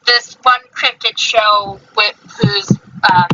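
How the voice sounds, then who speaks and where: A woman's voice: a little high, big pitch swings, slow pace, pushed and bright, lo-fi sound, slight background noise. A woman hosting a podcast in casual chat, rambling with many fillers and self-corrections. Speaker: podcast host.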